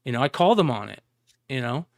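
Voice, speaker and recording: A man's voice: mid-range voice, fast talker, creaky, no room sound, studio quality. A man telling stories on a casual podcast, swearing freely and acting out the conversations he recounts. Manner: animated storytelling, profane, acts out quoted exchanges. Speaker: co-host.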